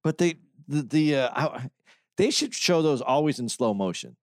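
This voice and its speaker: A man co-hosting a comedy podcast, tossing out quick asides and laughing at his partner. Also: mid-range voice, expressive, no echo, clean studio sound. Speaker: podcast co-host. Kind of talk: casual comedic podcast banter.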